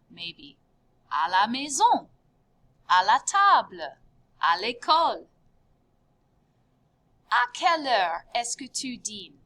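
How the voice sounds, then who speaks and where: Upbeat Midwestern woman teacher, unhurried, measured delivery, repeats each word with rising emphasis. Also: on the high side. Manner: upbeat, drills words with sharp rising repeats. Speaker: French teacher. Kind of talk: recorded classroom lesson.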